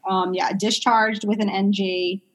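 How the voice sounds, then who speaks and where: A woman's voice: mid-range voice, a little slow, poor audio. A young adult woman, a pediatric speech therapist, talking casually as an interview guest, chatty with many fillers. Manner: chatty, many fillers, animated retelling of stories. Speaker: pediatric medical speech-language pathologist, guest.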